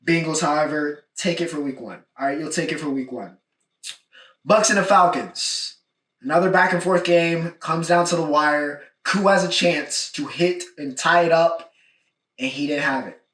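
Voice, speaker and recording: A young man hosts a solo sports recap, casual and emphatic, circling back to drive his points home. His voice sits a bit high. He sounds set back from the mic in a roomy, echoing space. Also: moderate pace, a bit bright. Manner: casual, emphatic, repeats points with "all right?". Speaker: podcast host. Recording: echoey room, mic at a distance.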